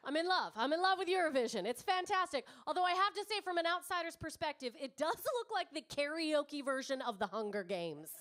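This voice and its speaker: Woman stand-up, thirties, high bright voice, brash and crowd-chatty, swears freely. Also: expressive, fairly quick, few pauses. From Canada. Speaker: stand-up comedian. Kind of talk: stand-up comedy set. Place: comedy club stage.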